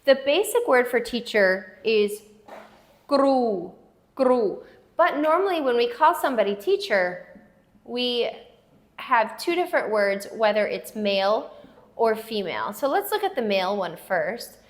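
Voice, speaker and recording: Woman teaching slowly with careful repetition. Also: a little high, big pitch swings. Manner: slow, careful repetition of words; writes on a board while explaining. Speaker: language teacher. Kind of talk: language lesson.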